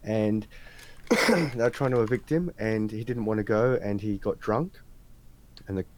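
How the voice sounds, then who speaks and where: A man's voice: on the low side, unhurried, slight background noise. An Australian man interviewing a guest, telling anecdotes in a chatty, slangy way. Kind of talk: casual chat.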